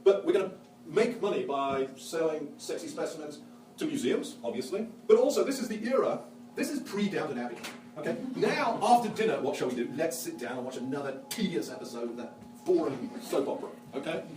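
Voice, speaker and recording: A man's voice: a little high, a little fast, natural voice. A man playing a witty, enthusiastic Victorian naturalist, lecturing in character with a theatrical, joking delivery. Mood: lively. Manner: animated, theatrical, joking storyteller. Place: museum lecture hall. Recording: echoey hall, mic far off.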